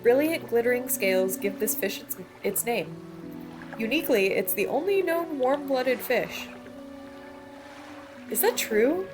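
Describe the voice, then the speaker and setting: Unhurried woman streamer over game music. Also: on the high side, expressive. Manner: reads item descriptions, then reacts with laughs and disgust. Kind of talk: let's play, reading game text aloud.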